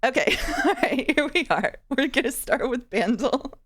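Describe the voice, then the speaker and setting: A woman's voice: high voice, sing-song, normal speed. A woman hosting a stream, chatting playfully and joking with a guest as they play music guessing games. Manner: playful, giggly, jokey. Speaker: streamer host. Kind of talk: casual chat while playing music games.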